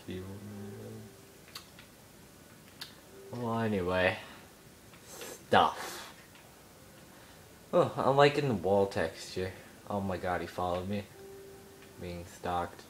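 A young man giving excitable let's play commentary, yelping and mock-outraged as he explores. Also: deep voice, takes it slowly, creaky, pauses often, a little hiss or hum. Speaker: gamer.

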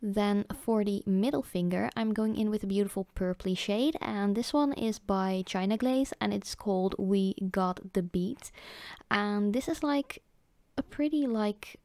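A young woman with a mellow, warm tone narrates a nail art tutorial in a chatty, casual way. She is a native Dutch speaker and speaks English, dropping in "like" and "um" often and correcting herself now and then. The recording is dry and close. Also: medium pitch, dry recording. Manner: chatty, fillers like "like" and "um", self-correcting.

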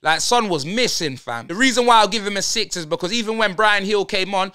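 Young man, fan-channel host; exasperated slang rant, high and animated. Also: fairly quick, hardly any pauses, clean tone. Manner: slang-heavy, exasperated ranting. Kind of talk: fan player-ratings rant.

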